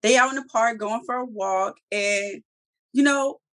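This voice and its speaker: This TV show reviewer speaks a little slowly in a slightly high, somewhat bright voice. She casually runs through an episode, cursing freely and performing the characters' lines in slangy, profane storytelling.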